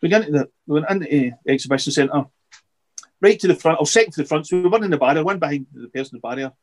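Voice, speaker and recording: A middle-aged man, a podcast guest, chatting casually and rambling with halting restarts and repeated words. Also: on the high side. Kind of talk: casual interview chat.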